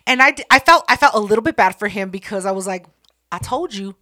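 A woman's voice: mid-range voice, expressive, quick pace, pushed and bright. A young woman co-hosting a casual podcast, blunt and sassy with plenty of swearing. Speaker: podcast co-host.

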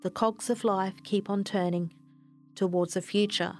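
A woman reading a reflective, scripted narration in a slow, measured way. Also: medium pitch, steady tone, darkish tone, soft background music.

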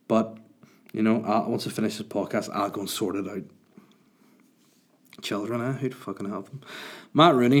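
A man's voice: on the low side, brisk, slightly rough. Rambling, crude man hosting a podcast. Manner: rambling, crude, self-mocking storytelling. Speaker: podcast host and comedian. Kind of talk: casual comedic podcast chat.

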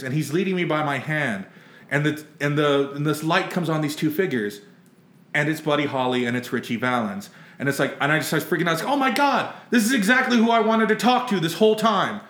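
A man's voice: on the high side, fairly bright tone, reverberant. A man telling a rambling, comic story in casual chat, laughing and swearing freely. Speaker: podcast co-host telling a story.

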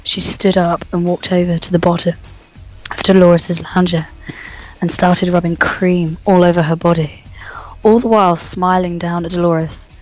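A woman co-hosting a podcast in a hoarse, gruff voice that sounds posh, reading mock-erotic passages with crude, teasing humour. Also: lowish voice, flat delivery, faint music behind, rough recording. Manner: crude, teasing, reads in slow deliberate tones. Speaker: podcast co-host.

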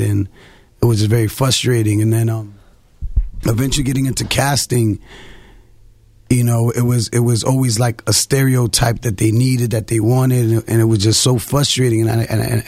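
A man in his forties, a casting director, telling stories on a TV panel in an animated way with many repeated restarts. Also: mid-range voice, gravelly, no echo. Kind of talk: panel guest storytelling.

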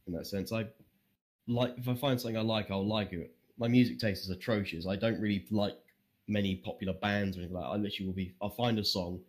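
A young man chatting as a podcast guest, rambling and swearing freely, with self-deprecating jokes. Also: on the low side. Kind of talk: casual interview chat.

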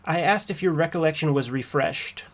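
A man acting out a dogged trial attorney cross-examining a witness in a courtroom transcript reading. His voice sits a little higher than most men's. He presses each point in a measured, pointed way. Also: close to an everyday voice. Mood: pressing.

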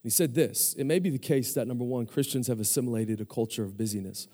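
A man in his forties preaching a sermon as pastor, with energetic call-and-response to the congregation. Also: mid-range voice, quick pace, long reverb tail. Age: 40s.

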